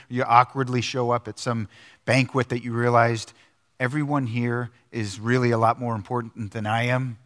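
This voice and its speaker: A man's voice: mid-range voice, a bit bright. A middle-aged man preaching a sermon in a church sanctuary, telling a personal story earnestly, with frequent restarts and filler words. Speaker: pastor.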